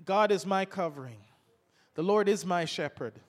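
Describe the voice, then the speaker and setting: A man's voice: high-pitched, normal speed, big-room sound. An older man preaching a sermon, reading scripture aloud between homely stories.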